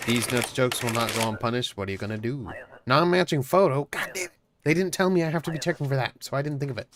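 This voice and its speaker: Male let's-player, mid-pitched, joking running commentary, noisy recording. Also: quick pace. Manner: jokey, reads game text aloud, bursts into shouting. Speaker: gamer playing a border-inspector game. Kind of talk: casual let's-play commentary.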